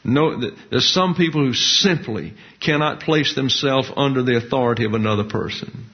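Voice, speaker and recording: A man, preaching a sermon in a measured, folksy teaching manner with colloquial asides. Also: medium pitch. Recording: dull lo-fi recording.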